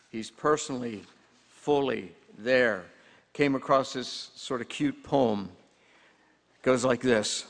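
A man preaching a sermon as pastor, earnest and emphatic, slowing down to stress key words. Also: mid-range voice. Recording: long hall reverb.

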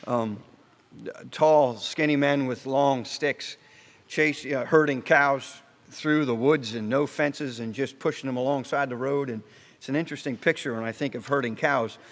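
A male pastor delivering a casual, story-driven sermon at an even, middling pitch. He pauses, restarts phrases and drops his pace to land a point. His voice rings out with a long reverb tail, like a church sanctuary. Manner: conversational storytelling with rhetorical questions; halting restarts, slows for emphasis.

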